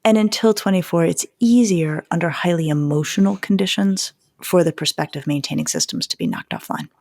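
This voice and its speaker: A middle-aged woman, a psychologist, explaining parenting advice in an animated chat full of metaphors, sometimes dropping to a near whisper. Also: on the low side, fairly quick, creaky, no echo, studio quality. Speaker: psychologist co-host of a parenting podcast.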